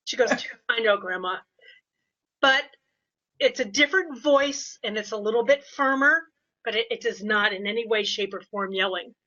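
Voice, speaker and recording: Older woman, behavior consultant, bright tone, animated storytelling, dull lo-fi sound. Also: fairly high pitch, moderate pace. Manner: animated storytelling with quoted voices. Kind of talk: casual podcast interview. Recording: dull lo-fi audio.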